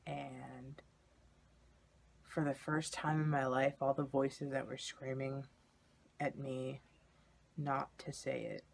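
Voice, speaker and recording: A man's voice: mid-range voice, level tone, slow, creaky, long pauses. A young man candidly telling a personal story in a vlog, in a confessional way. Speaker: vlogger.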